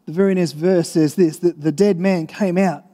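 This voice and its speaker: A man's voice: high-pitched, steady tone, moderate pace, mellow. A man preaching a sermon in an earnest, conversational way, repeating and restarting phrases as he reads and explains scripture. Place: church. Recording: long reverb of a large hall.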